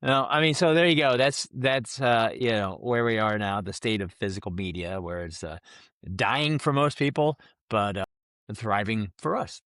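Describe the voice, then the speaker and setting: A man co-hosting a casual podcast chat, rambling and animated, with lots of restarts. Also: fairly low pitch, moderate pace, no room sound, clean studio sound. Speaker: co-host.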